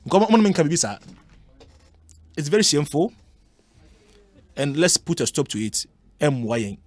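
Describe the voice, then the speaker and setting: A man's voice: fairly high pitch, sing-song, moderate pace, darkish tone, no echo. A man with a Ghanaian accent arguing a point on a sports radio show, mixing Twi and English.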